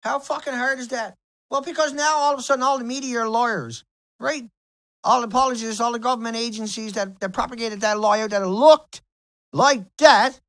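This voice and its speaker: A man's voice: very high-pitched, a little fast, fairly bright tone, no echo, low-quality recording. A man ranting to camera in an angry vlog, heated and profane, repeating himself. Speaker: video blogger.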